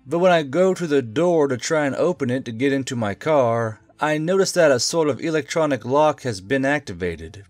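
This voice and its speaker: A male text-to-speech narrator reads a tabletop game story at an even, unhurried clip. His mid-range voice sits dry and close to the mic. Soft music plays faintly behind him. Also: medium pitch, no room sound.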